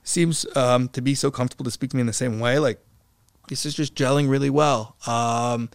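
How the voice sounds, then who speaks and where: Smooth-voiced young man rambling casually. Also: mid-range voice, fairly even intonation, brisk, no echo. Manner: rambling, full of fillers and restarts. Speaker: podcast guest. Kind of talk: casual conversation.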